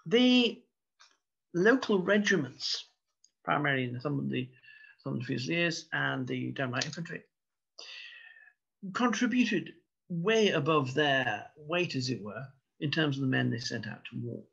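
A man lecturing on history, measured and wry, with a gravelly, husky voice. The sound is dull and lo-fi, as from a modest online broadcast. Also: medium pitch, animated, fairly bright tone. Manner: measured, storytelling, wry asides. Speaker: local historian giving a talk. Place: indoors, online broadcast talk. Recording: dull lo-fi recording.

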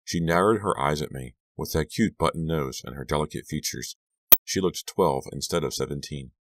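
A man narrating a scary audiobook in a measured, hushed storytelling manner, lifting his voice for the dialogue. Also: rumbling low, a little hiss or hum. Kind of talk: scripted narration.

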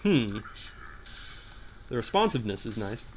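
Young guy doing lets play commentary, voice jumps all over, yells at the game, noisy recording. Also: fairly low pitch, a little slow. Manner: animated, jokey, yells in frustration at the game. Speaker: gameplay commentator.

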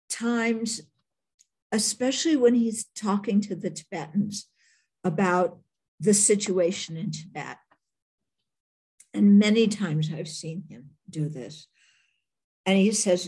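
Slow husky American-born woman teacher. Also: medium pitch, warm tone. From United States. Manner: thoughtful, halting, with many restarts. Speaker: Buddhist nun teacher. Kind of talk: Q&A talk telling a story.

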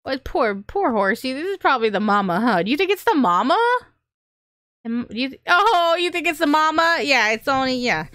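A woman hosting a gaming channel, chatting casually and excitably through gameplay, often squealing and laughing. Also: high voice, normal speed, dry recording, studio quality.

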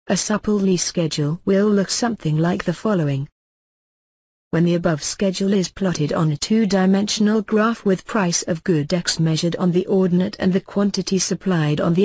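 A man reading economics lecture notes aloud as a lecturer, in a measured, formal textbook delivery. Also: sits high, darkish tone, husky, no room sound.

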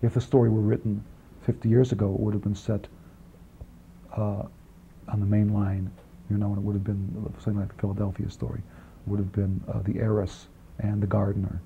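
A man being interviewed about his film work, talking quickly in long rambling answers with many restarts and asides, on an old archival tape. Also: lowish voice, flat delivery, vocal fry. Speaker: film writer and director, interview guest. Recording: dull archival 1980s interview tape, faint hiss.

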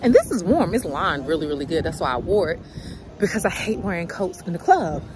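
A young woman chatting to her viewers in a casual vlog, animated and laughing often, recorded on a phone. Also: on the low side, fairly quick, crowd noise. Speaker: beauty vlogger. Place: in a car, then outdoors at night in the cold.

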